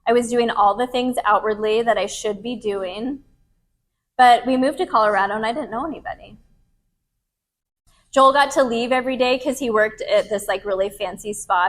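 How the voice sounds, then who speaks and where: A woman's voice: mid-range voice, steady tone, a little fast. A woman in her thirties, a podcast host telling a candid personal story to a live group in a casual, frank way. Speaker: podcast host and retreat leader.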